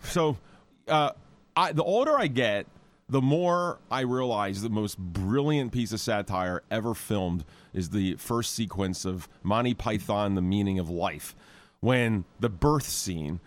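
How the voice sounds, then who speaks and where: A man who hosts a talk show and works as a naturopath, chatting casually in an animated, rambling way with many restarts. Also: lowish voice, measured pace.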